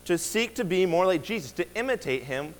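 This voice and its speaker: A man's voice: high voice, expressive, a little fast, in a large hall, slight background noise, poor audio. A man preaching a sermon as pastor, earnest and emphatic, often restarting his phrases. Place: church sanctuary.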